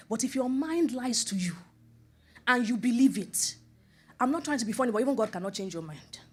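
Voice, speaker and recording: Animated middle-aged woman preaching, higher voice. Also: moderate pace, pauses often, slightly rough. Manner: animated, acts out scripture quotes and dialogue; rhetorical questions, repeated for emphasis. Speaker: preacher and life coach. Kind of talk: sermon.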